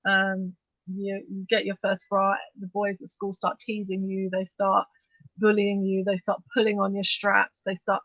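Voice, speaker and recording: Bright-voiced animated woman host. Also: mid-range voice, no echo. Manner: animated, talks fast in bursts with many restarts. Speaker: podcast co-host. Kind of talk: casual discussion of news. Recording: dull, dry lo-fi sound.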